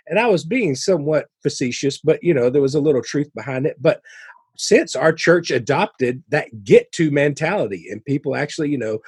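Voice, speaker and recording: A man co-hosting a podcast, telling stories in a casual, animated way with playful asides. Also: medium pitch, a little fast, breathy edge, no echo, clean studio sound. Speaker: podcast co-host.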